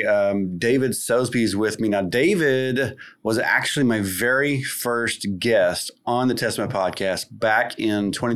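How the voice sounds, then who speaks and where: A man hosting a podcast interview, teasing his guest in a friendly way and laughing often. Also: mid-range voice. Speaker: podcast host. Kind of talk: casual chat.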